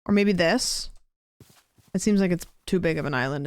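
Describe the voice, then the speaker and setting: A woman's voice: lowish voice, normal speed, smooth, no echo. A young woman streaming a game, chatting with viewers in a rambling, casual way. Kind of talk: casual gameplay chat.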